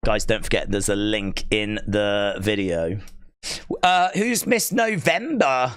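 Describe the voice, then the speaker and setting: A man hosting a wrestling watch-along live stream, chatting excitedly, reading viewer comments and often breaking into high, squealing shouts. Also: slow pace, clear, resonant tone. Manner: giddy, jumps to squealing high shouts, rambling.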